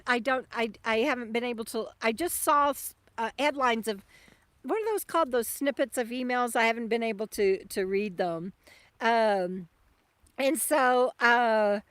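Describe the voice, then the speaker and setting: A woman hosting a casual RV livestream from a lakeside campsite, chatty and halting with many fillers and restarts. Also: fairly high pitch, dry recording. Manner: soft baby talk to her dog. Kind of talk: casual live-stream chat.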